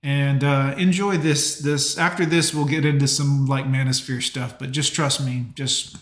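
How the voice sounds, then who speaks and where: A man's voice: medium pitch, steady tone, measured pace, roomy sound. A man hosting a live stream, talking casually and rambling with plenty of fillers. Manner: chatty, rambling, lots of fillers. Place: home.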